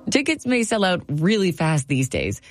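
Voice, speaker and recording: A woman reporter giving measured, scripted narration for a feature segment. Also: lowish voice, sing-song, dry recording.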